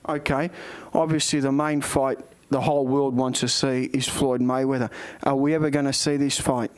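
Man, boxing show host, energetic, loud, clear voice. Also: mid-range voice, normal speed, dry recording. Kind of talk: interview.

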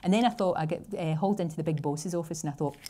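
A woman in her sixties with a Glasgow Scottish accent, telling lively stories as an interview guest on stage. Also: sits low, racing. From Scotland. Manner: chatty, animated storytelling. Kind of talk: casual conversation on stage.

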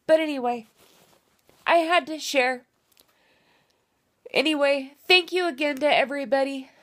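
Emotional young woman vlogging, slow-paced. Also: high voice, a bit bright. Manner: emotional, tearful and sentimental; chatty, casual with mild swearing. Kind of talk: casual personal vlog.

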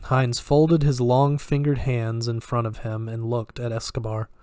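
A man narrating a thriller story aloud in a steady reading voice with small restarts. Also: medium pitch, a little slow, smooth, dry recording, clean studio sound. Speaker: story reader. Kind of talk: audiobook narration.

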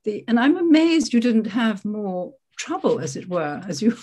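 A woman's voice: on the high side, sing-song, normal speed, dark tone. A woman on a panel discussing a book, articulate and searching, often correcting herself mid-phrase. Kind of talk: literary discussion.

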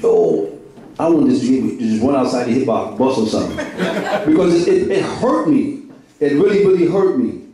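A man's voice: medium pitch, lively intonation, moderate pace, crowd noise. A middle-aged man, giving an emotional church testimony full of repetition and street slang. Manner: repetitive, heartfelt, street slang, laughing through it. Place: large echoey church hall. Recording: echoey hall from far off.

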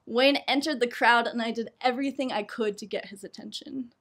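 A woman's voice: fairly high pitch, brisk. A young adult woman performing a personal story, laughing often and poking fun at herself. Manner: laughs often between lines, lively and self-mocking.

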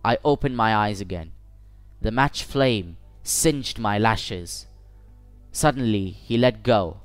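A man narrating a first-person short story for English learners in a measured, deliberate way. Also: on the low side, animated, clean tone, dry recording, soft background music. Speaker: audiobook narrator.

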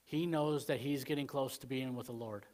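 A man preaching a Wednesday sermon in church in a rambling, conversational way, full of "you know" fillers, swinging between emphatic points and quiet asides. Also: medium pitch, fairly even intonation, normal speed. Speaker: pastor.

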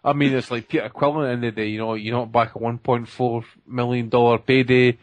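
A man hosting a podcast in casual chat, blunt, profane and excitable. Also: mid-range voice, fast talker. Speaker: podcast host.

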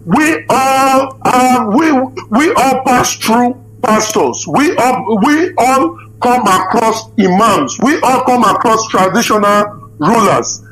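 A man's voice: very high-pitched, lively intonation, slow, a bit bright, poor audio. A man calling into a live Q&A, deferential to the host, addressing him as sir and restarting his sentences. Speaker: caller. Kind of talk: live Q&A call-in session.

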